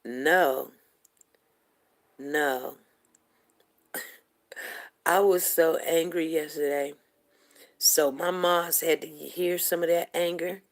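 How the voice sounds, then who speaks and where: A woman's voice: sits low, steady tone, extremely slow, pauses often. A woman hosting a livestream show, talking heatedly and emphatically and repeating herself to drive her points home. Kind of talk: impassioned livestream commentary.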